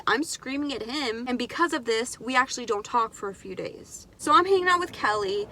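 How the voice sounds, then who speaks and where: A young woman telling a personal story in a candid, animated, profane way on her vlog. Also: a little high, a little hiss or hum. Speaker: vlogger. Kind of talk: casual storytime.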